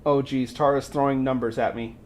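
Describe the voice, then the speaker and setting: A man hosting a livestream, retelling a folk tale in a casual way with animated, exasperated banter aimed at the chat. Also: mid-range voice, brisk, a little hiss or hum. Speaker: host.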